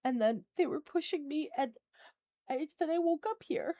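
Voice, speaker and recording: A frightened little boy stammers and trips over his words, as a woman voices him in a tabletop game. His voice sits fairly high and is recorded dry and close, with no room around it. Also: normal speed, a little mellow, no room sound, lightly acted.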